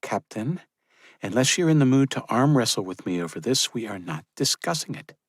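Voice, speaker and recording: A man voicing a fierce, caring young woman medic in an audiobook, raising his voice higher for her. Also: expressive, normal speed, slightly rough, no echo, studio quality. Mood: playful. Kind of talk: audiobook character reading.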